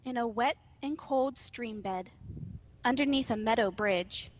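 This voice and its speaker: A woman reading a children's story aloud in an expressive, playful way. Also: a little high, measured pace.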